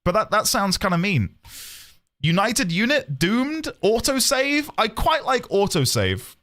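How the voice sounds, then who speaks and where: A man's voice: high-pitched, sing-song, measured pace, fairly bright tone. A man streaming a video game, chatting casually and joking as he plays. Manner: playful, joking, bursts of laughter. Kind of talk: casual let's-play commentary.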